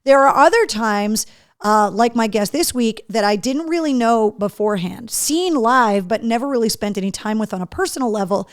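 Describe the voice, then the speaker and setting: A woman's voice: on the high side, moderate pace, dry recording, studio quality. A woman hosting a live show, chatting casually, reading out viewer comments with a case of the hiccups. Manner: chatty, animated, reads comments aloud. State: has the hiccups. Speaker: radio and podcast host.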